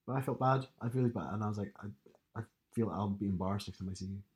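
A man's voice: lowish voice, fast talker, darkish tone. A man co-hosting a podcast, chatting casually with dry, teasing humor. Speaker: podcast co-host. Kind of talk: casual chat.

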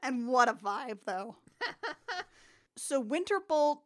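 A woman's voice: high-pitched, expressive, slow pace. A woman co-hosting a casual movie-review chat, retelling the plot in a wry, sarcastic way. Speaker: podcast co-host.

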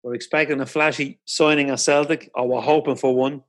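A man's voice: mid-range voice, steady tone, brisk. A man hosting an interview, asking questions with enthusiasm and frequent restarts. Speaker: podcast host. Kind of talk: casual interview.

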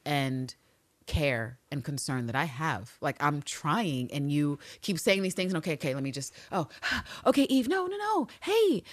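A woman putting on a young female assassin who pleads in a hushed, wounded voice as she recaps a scene. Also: low voice, big pitch swings, a little slow, full character voice. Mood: strained patience.

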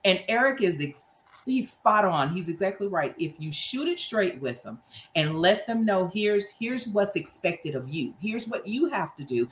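A woman's voice: medium pitch, very animated, measured pace, roomy sound, slight background noise. A woman hosting a podcast with a Southern US accent, talking enthusiastically and repeating phrases for emphasis. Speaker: podcast host. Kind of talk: casual chat.

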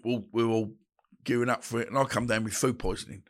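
A man's voice: mid-range voice, fairly even intonation, fast. A man, telling stories bluntly in a casual interview and acting out the dialogue he quotes. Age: 50s. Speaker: guest, boxer.

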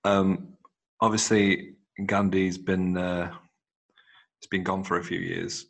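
A man's voice: deep voice, level tone, slow, creaky. A man hosting a casual chat, asking questions and teasing his guest. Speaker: host.

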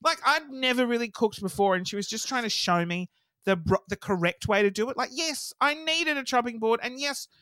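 Animated Australian male podcast host. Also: very high voice, a little fast, smooth, dry recording. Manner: animated storyteller, acts out quotes. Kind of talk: casual chat.

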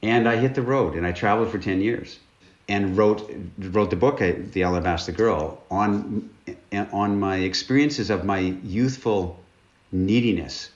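A man's voice: fairly low pitch, measured pace. A man, a guest author, telling stories candidly and earnestly in an interview. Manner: earnest, candid, with repeated words. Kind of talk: conversational interview storytelling. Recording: roomy, dull-sounding recording.

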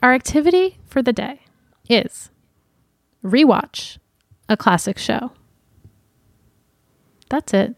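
A woman's voice: a little high, expressive, vocal fry, no room sound, studio quality. A woman co-hosting a casual advice podcast, chatty and encouraging. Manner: chatty, encouraging, quick to laugh. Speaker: podcast co-host.

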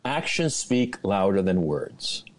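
Bitter low-voiced man in a clip. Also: sing-song, slow. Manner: bitter, sarcastic, swears. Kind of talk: aggrieved video monologue.

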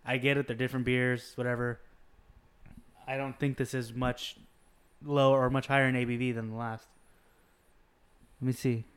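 A man in casual podcast chat with a profane, animated way of telling stories. His voice sits at an ordinary middle pitch, and he swears freely while jumping into anecdotes. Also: moderate pace, long pauses, clean tone.

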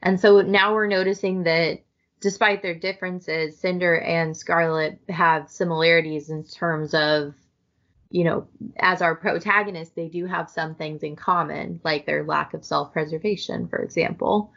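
A woman's voice: sits low, steady tone, moderate pace, vocal fry, fairly bright tone. Woman chatting about a book, lo-fi sound. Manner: chatty, reads passages aloud. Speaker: podcast co-host. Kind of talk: casual book discussion. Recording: dull lo-fi audio.

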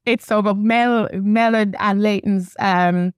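A woman's voice: medium pitch, steady tone, takes it slowly, smooth, dry recording, clean studio sound. A young woman hosting a casual pop culture podcast, chatty and gushing, swearing freely with big reactions. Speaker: podcast host.

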